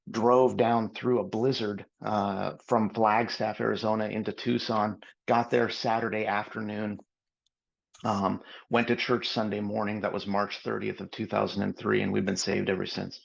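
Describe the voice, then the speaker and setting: Male pastor guest, low gravelly husky voice, animated testimony, lo-fi audio. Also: moderate pace. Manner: animated, acts out dialogue. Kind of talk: personal testimony storytelling.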